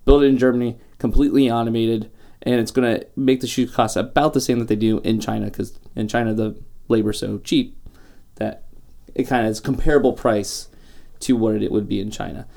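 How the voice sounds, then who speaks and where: Casual male co-host, gravelly and mellow, rambling and argumentative. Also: medium pitch, fairly even intonation, a little fast. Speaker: podcast co-host. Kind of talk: casual chat.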